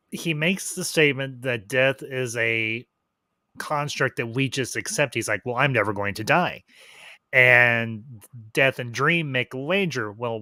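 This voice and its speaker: Bright, dry-sounding male review host. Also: mid-range voice, dry recording. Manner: rambling, restarts and trails off while recalling details. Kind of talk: casual review chat.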